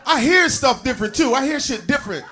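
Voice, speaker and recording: A man in his forties doing a stand-up comedy set, animated and profane, playing off the crowd. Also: extremely high pitch, fast. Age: 40s. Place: comedy club stage.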